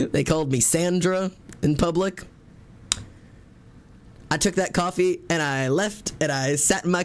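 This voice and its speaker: A young man on a livestream, rambling through a story packed with "like" fillers and often laughing at himself. His voice sits a little higher than most men's. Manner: chatty, rambling, full of "like" fillers. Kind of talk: casual chat to a live chat.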